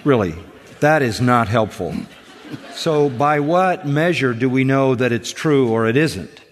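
A man talking in a relaxed radio discussion. He speaks earnestly and with emphasis, and often repeats words as he starts a thought. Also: medium pitch, measured pace, big-room sound, slight background noise.

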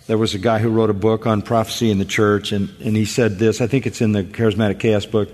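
A man talking in a relaxed radio discussion. He speaks earnestly and with emphasis, and often repeats words as he starts a thought. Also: lowish voice, fast talker, few pauses, long reverb tail.

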